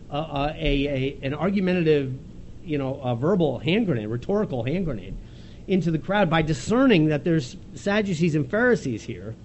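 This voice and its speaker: Guy preaching a bible passage, fairly high voice that swings all over, chatty and animated, faint hiss behind him. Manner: conversational, animated retelling with quick laughs and restarts. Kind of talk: expository sermon.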